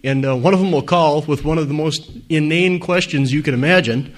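An earnest man gives a personal testimony to a meeting crowd. He talks plainly and conversationally, with lots of "you know" and "uh", in a voice that sits a little high for a man. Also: brisk. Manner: earnest, conversational, many fillers. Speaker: speaker at a recovery meeting.

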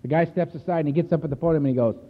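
A man addresses a recovery meeting, telling his story in a blunt, earthy, emphatic way. His voice sits a little high for a man. It rings through a reverberant hall and comes across thin and phone-like. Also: very fast, slight background noise. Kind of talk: personal recovery talk to a meeting. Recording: echoey hall over a tinny phone-like line.

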